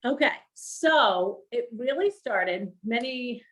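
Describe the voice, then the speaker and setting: A middle-aged woman telling her story as an interview guest, animated and laughing often as she acts out quoted voices. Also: on the high side, takes it slowly, rough recording. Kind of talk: storytelling on a livestream.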